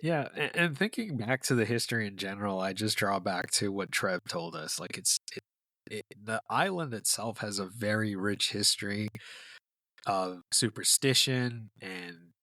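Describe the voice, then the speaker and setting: Male podcast co-host, bright and forceful tone, laid-back, dry close mic. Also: on the low side, expressive, normal speed, no room sound. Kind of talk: casual chat.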